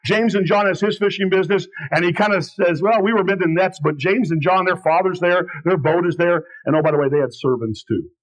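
Man, high voice, pastor preaching a sermon, emphatic, slows and drops low on key phrases. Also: poor audio. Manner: repeats phrases for weight. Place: church.

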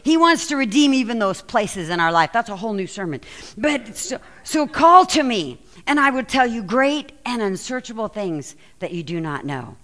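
A woman pastor preaching a sermon and reading scripture aloud, telling the story with lively, acted-out quotes. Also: fairly high pitch, moderate pace. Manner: animated storytelling, acts out quoted lines.

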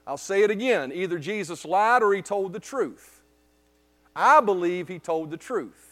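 A man's voice: sits high, animated, measured pace, a bit bright. A man preaching a sermon at a church service, emphatic, often checking with the congregation by asking "right?". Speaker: pastor.

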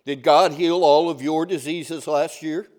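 A man with a high voice delivers a Sunday sermon. His manner is folksy, and he keeps turning to the congregation with questions. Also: steady tone, measured pace, darkish tone. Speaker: pastor.

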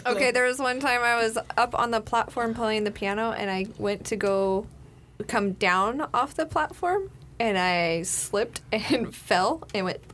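A woman on a casual podcast chat who reacts quickly and laughs easily while sharing a story. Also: a little high, a bit bright, slight background noise.

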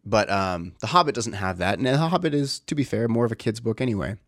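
A man's voice: on the low side, lively intonation, fast, fairly bright tone, no echo, studio quality. A man in his thirties, a father talking in a casual, reflective way, rambling with many fillers and restarts. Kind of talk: casual personal talk.

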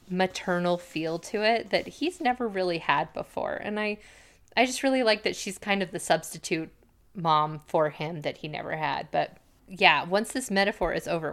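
A woman co-hosting a podcast, chatting casually and quoting characters in quick bursts. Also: medium pitch, fairly bright tone. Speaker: podcast co-host. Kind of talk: casual chat recapping a TV episode.

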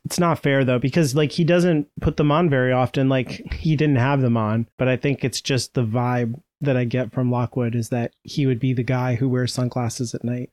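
A man chats casually about a book with his co-host. He's upbeat and quick to laugh, and his voice sits in an ordinary middle range. The sound is close and dry, with no room echo. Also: mid-range voice, steady tone, a little mellow. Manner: chatty, laughs often, does silly voices. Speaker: podcast co-host. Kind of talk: casual book-club chat.

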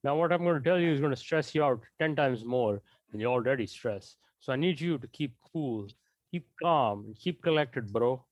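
A man's voice: medium pitch, moderate pace, natural voice. A man playing a laid-back, bro-talking traveler with an Indian English accent in improvised comedy. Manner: easygoing, calls everyone bro, deadpan jokes. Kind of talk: improvised comedy role-play.

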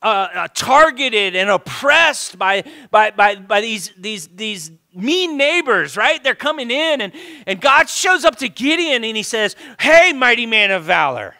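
A male pastor preaching a sermon, swinging from loud fervent exhortation to hushed pleading and often repeating words when stirred. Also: very high voice, animated, measured pace, vocal fry.

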